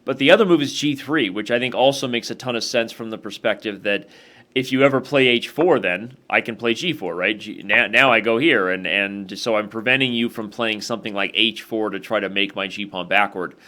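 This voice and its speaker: A man's voice: fairly low pitch, a little fast, sharp tone. A man hosting an online chess game, thinking aloud through his moves in a casual, analytical way and talking straight to the viewers.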